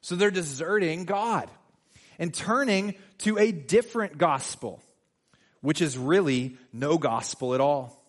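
Male pastor, slightly high voice, conversational sermon with emphatic swells. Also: unhurried. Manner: conversational, animated preaching with sudden emphatic swells. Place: church.

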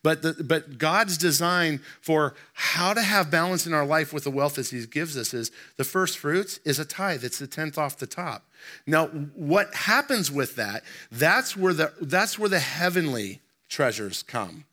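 Bright-voiced male pastor preaching. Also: fairly high pitch, animated. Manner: emphatic, rhetorical questions to the congregation; slows down to read scripture aloud. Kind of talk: sermon.

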